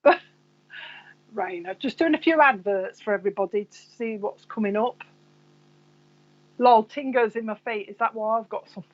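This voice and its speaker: A woman with a fairly high voice and a Coventry accent hosts a live psychic reading stream, rambling and chatting half to herself. She speaks at a normal pace with frequent pauses, and the recording has its high frequencies cut off.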